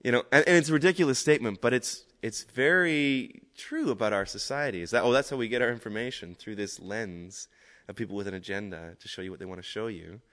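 Guy preaching, chatty and animated, long hall echo. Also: on the low side, fast talker. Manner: conversational, animated storytelling. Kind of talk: sermon. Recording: echoey hall.

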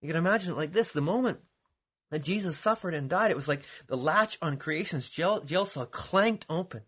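Male preacher, husky and fairly high, builds from hushed to shouted. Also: expressive, normal speed. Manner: dramatic, swings from hushed to shouting. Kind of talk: sermon.

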